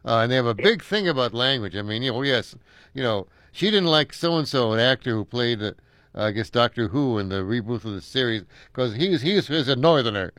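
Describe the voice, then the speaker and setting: An older American man chatting casually, rambling and chuckling, pausing often with halting fillers. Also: mid-range voice, lively intonation, a bit bright, no room sound, clean studio sound. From United States. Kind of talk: casual chat.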